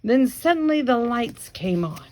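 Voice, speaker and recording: Slow, careful woman reading a storybook. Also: on the high side, animated, a little mellow, a little hiss or hum. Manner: slow, careful, with chatty asides. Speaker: reader. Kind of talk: reading a picture book aloud.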